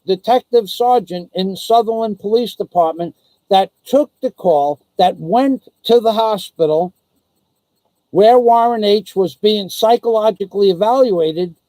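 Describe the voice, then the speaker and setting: A vlogger living in the Philippines rants angrily and profanely on his own live stream, taunting and threatening someone. His voice is high, warm, and unhurried, with no room sound, though the recording quality is low.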